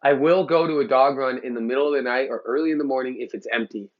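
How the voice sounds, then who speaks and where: An LA dog trainer sounds off bluntly to the camera, heated and profane. He speaks at a quick pace with medium pitch, and the recording's highs are cut off.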